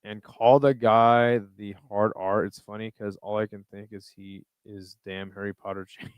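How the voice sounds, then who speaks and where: A man's voice: lowish voice, flat delivery, moderate pace, clear, resonant tone, no room sound, highs cut off. A young man hosting a live stream, chatting casually and reading viewer comments aloud in a loose, profane, rambling way. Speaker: livestream host reading chat.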